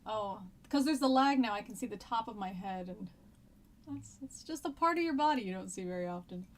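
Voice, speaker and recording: A woman's voice: medium pitch, animated, fairly quick. Chatty American woman teaching live. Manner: chatty and rambling, with frequent ums and laughs. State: stuffy nose and cough. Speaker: history teacher. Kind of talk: casual live-streamed lesson.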